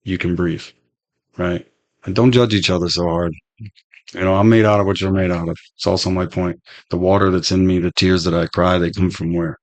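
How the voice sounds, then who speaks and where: A man's voice: low voice, flat delivery, brisk. A man in his fifties talking as a podcast guest in a laid-back, rambling way, swearing freely as he muses about life. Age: 50s. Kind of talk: casual conversation, philosophical storytelling.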